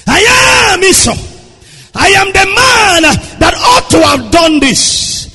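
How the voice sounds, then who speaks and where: A man's voice: extremely high pitch, very animated, takes it slowly, sharp tone, shouting, voice pushed up, full character voice. A man preaching, voicing a wronged firstborn son who insistently repeats his claim. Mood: indignant. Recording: long echo of a large hall.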